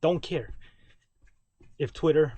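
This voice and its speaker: A male vlogger records a rambling, ranting direct-to-camera video message from his basement at home, repeating and correcting himself as he goes. His voice is a little high and dark-toned, slow in pace, and the recording is muffled.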